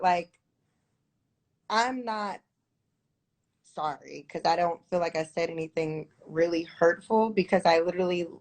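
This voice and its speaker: A woman's voice: lowish voice, vocal fry, darkish tone. A woman in a heated conversation, defending herself with many fillers and restarts.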